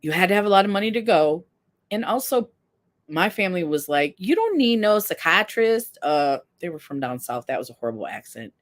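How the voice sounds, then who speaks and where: Low-voiced and expressive, this woman in her fifties speaks fast while running a casual live stream. She reads out viewer comments, candid and earnest, often poking fun at herself.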